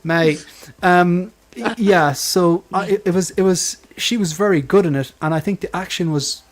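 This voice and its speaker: A man's voice: sits high, moderate pace. A man hosting a collectors' livestream panel, chatting casually with his co-hosts, rambling and laughing as he goes. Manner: rambling, restarts and trails off, laughs often. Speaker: livestream host.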